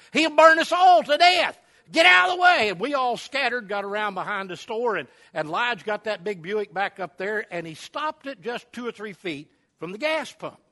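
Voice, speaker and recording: A man's voice: high-pitched, bright, forceful tone. A man, preaching at a camp meeting and telling a folksy, rambling story with many fillers. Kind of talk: sermon storytelling.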